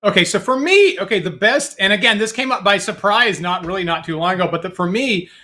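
A man's voice: high-pitched, expressive, a little fast, sharp tone. A middle-aged man telling a rambling anecdote in casual conversation, full of fillers and restarts.

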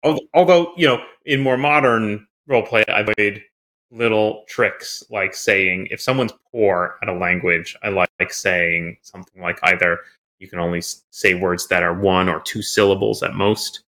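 Man, relaxed podcast host, gravelly edge, crisp bright voice. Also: lowish voice, moderate pace. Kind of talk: casual conversation.

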